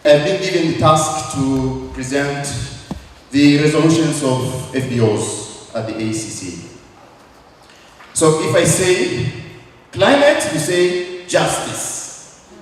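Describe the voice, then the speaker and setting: A man's voice: on the high side, slow. A man from Tanzania, a reverend, gives a public speech and leads the audience in call-and-response chants. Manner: lively, leads the crowd in chants. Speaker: reverend presenting a faith leaders' declaration. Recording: echoey hall, mic far off, faint noise.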